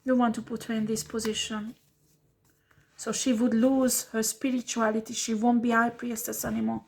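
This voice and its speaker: A woman's voice: a little high, flat delivery, normal speed, husky. A woman giving a tarot reading who scolds bluntly and swears freely, repeating rhetorical questions for emphasis. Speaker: tarot reader.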